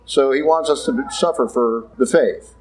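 A man's voice: mid-range voice, a little slow, a little mellow, poor audio. A man, a Catholic priest, giving a conversational sermon with blunt asides, now and then acting out the voices he quotes.

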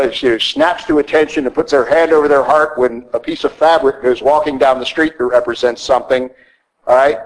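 A man's voice: mid-range voice, low-quality recording. A middle-aged male priest giving a blunt, conversational sermon in a church, often asking "okay?". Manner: blunt, conversational preaching with frequent "okay?" asides.

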